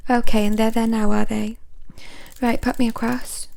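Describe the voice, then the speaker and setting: A woman's voice: fairly high pitch, little pitch movement, moderate pace, gravelly, darkish tone. A woman playing a brash middle-aged hotline auntie, who coos sweetly at callers and then tears into rude customers with elaborate insults. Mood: soothing. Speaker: hotline operator. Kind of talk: comedy sketch character monologue.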